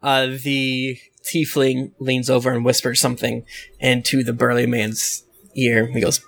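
A man's voice: medium pitch, little pitch movement, a little slow, gravelly, a bit bright. A man narrating a tabletop game as game master, playful and laughing often. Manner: playful, laughing, many fillers.

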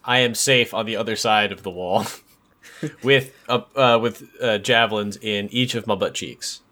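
A man's voice: on the low side, a little slow, sharp tone. A man playing a tabletop game, jokey and playful with fillers. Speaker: player. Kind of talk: casual tabletop game play.

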